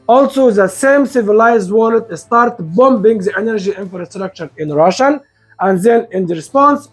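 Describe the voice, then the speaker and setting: Indignant high-voiced man ranting sarcastically. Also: a little mellow. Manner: indignant, sarcastic, rhetorical questions. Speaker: commentary video host. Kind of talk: opinion monologue.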